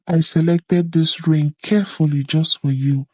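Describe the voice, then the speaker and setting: A man's voice: on the high side, fairly even intonation, measured pace, warm tone, slightly rough, no room sound, muffled recording. A man playing a sweet-talking young con man who pleads and whines for money in a comedy skit. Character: smooth-talking young male con man and serial fiancé.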